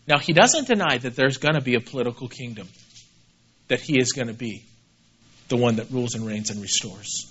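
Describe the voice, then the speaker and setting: A man preaching a sermon as pastor, animated, swinging between loud emphasis and quiet asides and repeating key words. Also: medium pitch, a little fast, husky, muffled recording.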